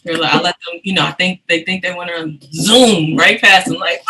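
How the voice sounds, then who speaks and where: A woman hosting a casual podcast interview, animated and quick to laugh, often restarting her sentences. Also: lowish voice, noisy background. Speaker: podcast host.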